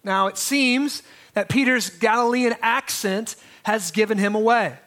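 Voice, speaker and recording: High bright-voiced male preacher. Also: a little slow. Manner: conversational preaching with restarts and asides. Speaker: pastor. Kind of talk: sermon.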